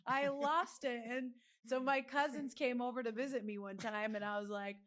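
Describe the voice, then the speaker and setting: A woman in her thirties telling lively stories in a casual interview, acting out other people's voices. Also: moderate pace. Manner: animated, acts out other voices with big pitch jumps. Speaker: guest, professional fighter.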